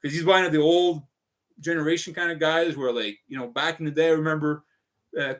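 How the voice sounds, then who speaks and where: A man's voice: fairly high pitch, fairly even intonation, brisk, a bit bright. A man rambling through a casual livestream, swearing often and piling up fillers as he talks. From Canada. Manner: profane, restless, full of fillers.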